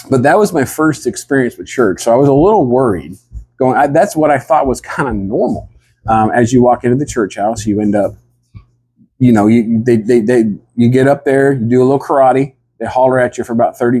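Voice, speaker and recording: A man telling a rambling comic story in a deadpan, drawling way and acting out what the others said. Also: medium pitch, slightly rough. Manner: drawling, rambling, acts out the other people's lines.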